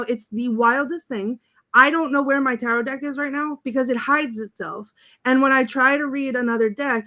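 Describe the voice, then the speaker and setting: A woman's voice: on the high side, fairly bright tone. A woman telling a long personal story in casual podcast chat, rambling with many fillers. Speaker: podcast co-host.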